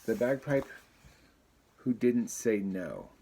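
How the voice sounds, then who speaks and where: A man's voice: fairly low pitch, sing-song, takes it slowly, vocal fry, warm tone. A man teacher reading a poem and a chapter book aloud to a third-grade class, with friendly, chatty asides.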